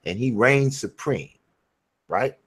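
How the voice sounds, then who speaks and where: Male host, slow and deliberate, mid-pitched, patient explainer. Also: expressive, slightly rough. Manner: slow, deliberate explaining, reads scripture aloud. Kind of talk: casual religious discussion.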